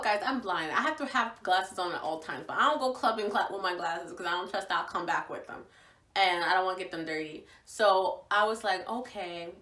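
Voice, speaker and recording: A young woman from Virginia, casually telling a story to the camera in an animated, gushing way, acting out what people said. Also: mid-range voice. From Virginia, USA. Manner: animated, gushing, acts out quotes. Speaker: vlogger. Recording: echoey room, voice from far off.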